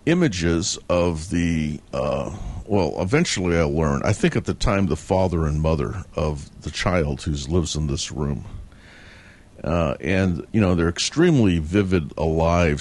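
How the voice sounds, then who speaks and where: Low-voiced man rambling about a dream. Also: darkish tone. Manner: rambling, halting, many fillers and restarts; chuckles between sentences. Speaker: dream teller. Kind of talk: casual spoken recollection.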